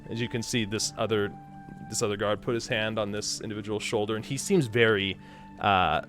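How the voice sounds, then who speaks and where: Low-voiced man running a tabletop game. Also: a little fast, soft background music. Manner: relaxed, hesitant with fillers. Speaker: game master.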